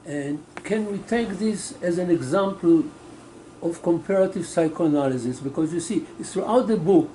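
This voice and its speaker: A man from the audience puts measured, probing questions to the author. His voice sits a little high with a warm, mellow tone, and faint noise runs underneath. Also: poor audio. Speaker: workshop participant. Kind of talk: question from the floor.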